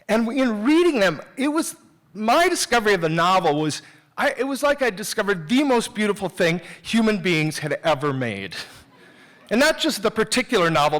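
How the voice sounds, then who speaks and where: A man with a fairly high voice tells a personal story before a live theater audience. He is candid and self-mocking, speaking in a loose, conversational way that doubles back and restarts. The telling feels unscripted and personal. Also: a bit bright.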